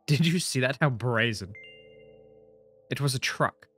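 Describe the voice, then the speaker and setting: A man's voice: medium pitch, animated, slow, a bit bright, soft background music. A young man reading a visual novel aloud and reacting to it, with casual talk, frequent swearing and laughs between lines. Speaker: gaming streamer.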